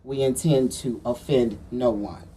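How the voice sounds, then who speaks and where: A woman's voice: rumbling low, unhurried, mellow, slight background noise, poor audio. A woman co-hosting a casual talk show who speaks bluntly and teases her partner. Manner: blunt, teasing. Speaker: co-host. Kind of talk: casual chat.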